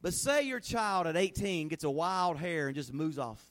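A middle-aged man preaching a sermon in a folksy, animated way, acting out little scenes in a hushed voice. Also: fairly high pitch, moderate pace, hardly any pauses. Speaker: pastor.

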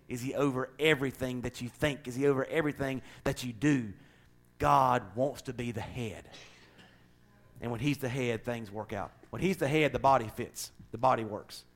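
A man preaching a sermon, swinging between loud, driving declarations and quiet conversational asides. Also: medium pitch.

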